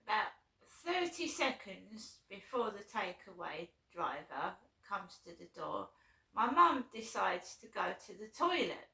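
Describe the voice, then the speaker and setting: Woman rambling thru a story on her vlog, gravelly bright voice, echoey room. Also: medium pitch, very animated, unhurried. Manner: rambling aggrieved retelling, keeps asking "right?". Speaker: vlogger. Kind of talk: casual storytelling. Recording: roomy echo.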